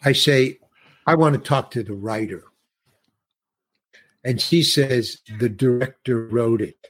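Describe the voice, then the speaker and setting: In casual conversation, a middle-aged male actor guest recounts a story from a film set and voices everyone else's lines himself. He speaks slowly, at a medium pitch.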